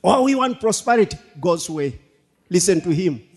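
A man preaching a sermon as pastor, animated, laughing and repeating himself for emphasis. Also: high-pitched, moderate pace, slightly rough. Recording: long hall reverb.

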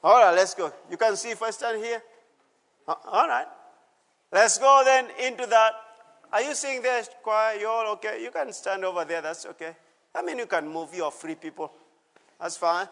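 A man's voice: high-pitched, moderate pace, gravelly, a bit bright. A male pastor preaching a sermon with call-and-response, exhorting the congregation and repeating his phrases in a church service. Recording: long reverb of a church hall.

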